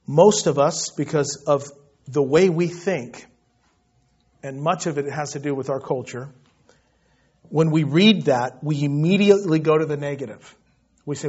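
Impassioned high-voiced husky male preacher. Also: measured pace, pauses often, muffled recording. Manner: impassioned, swings from hushed to loud. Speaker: pastor. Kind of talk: sermon.

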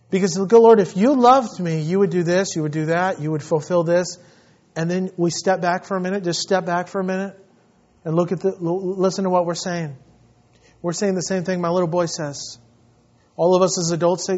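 A man with a high voice delivers an impassioned sermon. He drops to hushed pleading, then rises to loud, ringing declarations. The recording sounds a little dull and muffled. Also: fairly even intonation, brisk. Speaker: pastor.

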